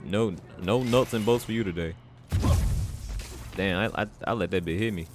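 A man giving loud, excitable commentary while playing a video game, trash-talking the characters on screen. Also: on the low side, normal speed, noisy background. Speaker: gameplay commentator. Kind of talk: casual let's-play commentary.

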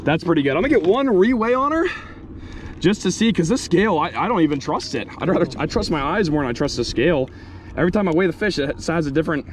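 Excitable young man with a lively voice. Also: a little high, quick pace, noisy background. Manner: excitable, joking, shouts when hooked. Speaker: fishing video host. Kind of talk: casual outdoor vlog. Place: outdoors on the water.

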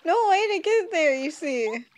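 A woman's voice: very high voice, big pitch swings, a little slow, a little mellow, pitched above the performer's own voice, heavily acted. A woman reading aloud the lines of a pompous male adventurer and archaeologist from a game, in grand, old-fashioned phrasing.

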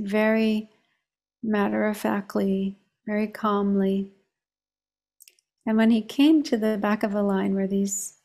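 A woman meditation teacher speaking in a calm, measured way, telling a story during a reflective discussion on meditation. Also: mid-range voice.

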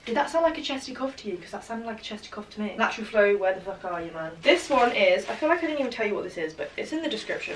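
A bubbly young woman gushes casually through a try-on haul, her speech full of "like" and "literally". She is recorded from a few feet off, so the room rings around her voice and a faint hiss sits underneath. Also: medium pitch. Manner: bubbly, chatty, lots of "like" and "literally". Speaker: fashion vlogger. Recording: roomy, distant camera audio with light hiss.

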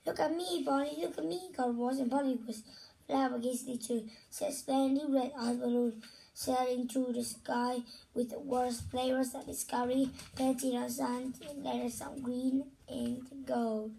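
A woman reading a children's story aloud, slowly and deliberately, often repeating phrases and stopping to comment. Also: high-pitched, flat delivery, vocal fry, dark tone, distant mic, poor audio.

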